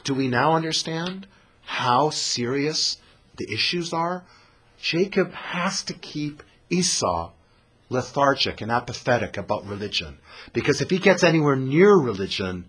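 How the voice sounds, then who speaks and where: A man teaching a scripture lesson, dramatic, swinging from loud to hushed. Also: mid-range voice, lively intonation, moderate pace, husky.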